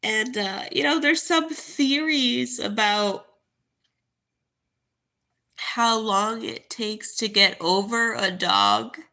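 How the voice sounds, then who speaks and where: A young woman talking to camera in a halting, grieving way, full of fillers and restarts. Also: fairly high pitch, sharp tone. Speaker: vlogger. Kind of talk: casual spoken monologue.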